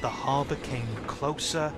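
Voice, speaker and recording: A man narrating a children's train story in a lively storytelling way, doing every character himself. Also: mid-range voice, unhurried. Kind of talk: storybook narration of a fan-made train tale. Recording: music playing under the voice.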